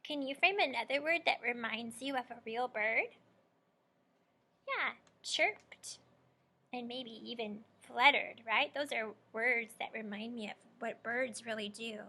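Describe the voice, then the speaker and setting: A young adult woman teacher leading a guided reading lesson for young children, asking questions and warmly praising answers. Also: fairly high pitch, measured pace. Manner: encouraging, prompting and praising students.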